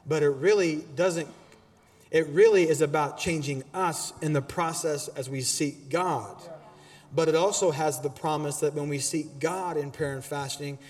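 A man preaching a sermon as pastor in a church auditorium, animated and exhorting, with casual asides to the congregation. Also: fairly high pitch, in a large hall.

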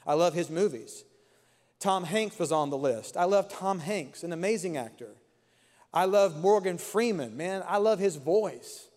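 A man's voice: high-pitched, animated, unhurried, darkish tone, in a large hall. A man preaching a sermon as pastor, with an impassioned, repetitive cadence in a church sanctuary.

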